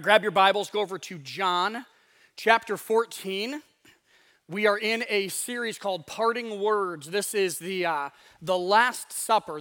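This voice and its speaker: A man's voice: high voice, a bit bright. A man preaching a casual, conversational sermon as pastor in a church sanctuary, often acting out voices in asides.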